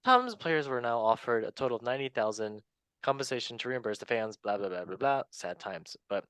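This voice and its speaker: A man's voice: medium pitch, big pitch swings, fairly quick, fairly bright tone, clean tone, dry recording. A man hosting a football talk show in a playful, joking way. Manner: playful, joking, laughs often. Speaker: host. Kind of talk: casual chat. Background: faint background music.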